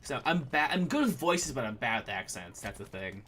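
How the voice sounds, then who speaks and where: A man's voice: mid-range voice, very animated, a little fast, a bit bright. A man streaming a game and chatting casually about running a tabletop campaign, rambling with lots of fillers and restarts. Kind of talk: casual chat while gaming.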